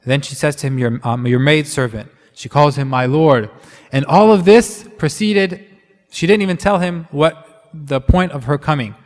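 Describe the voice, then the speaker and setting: A man's voice: a little high, normal speed, in a large hall. A man preaching a sermon in a conversational way, with many fillers and restarts.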